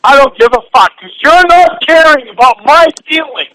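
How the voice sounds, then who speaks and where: A man with a very high voice rants in a furious private argument, swearing constantly. His voice is sore and strained from shouting, and he keeps pressing demands without letting up. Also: expressive, normal speed, low-quality recording.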